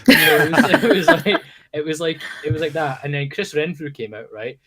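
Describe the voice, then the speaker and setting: Young guy, voice a bit high, super keen about wrestling stuff, swears a lot. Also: lively intonation, normal speed, a bit bright. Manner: enthusiastic, swears casually. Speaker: podcast guest. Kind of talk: casual chat.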